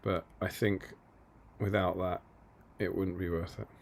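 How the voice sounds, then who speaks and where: Man, stream co-host, video call, playful, self-deprecating, low, gravelly, faint noise. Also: flat delivery, a little slow. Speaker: co-host of a hobby live stream. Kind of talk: casual chat on a video call.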